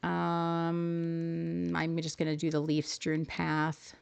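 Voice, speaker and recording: A woman's voice: sits low, completely flat delivery, slow, vocal fry, darkish tone, clean tone. A woman hosting a live stream, coaching her viewers through decorating choices in a friendly, upbeat way and answering chat as she goes. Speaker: livestream host teaching game decorating.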